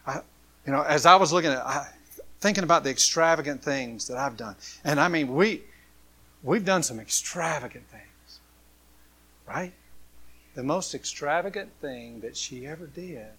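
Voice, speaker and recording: A man preaching a sermon, swinging from loud, impassioned passages to hushed ones. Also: on the high side, animated, measured pace, pauses often, slightly rough. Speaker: pastor.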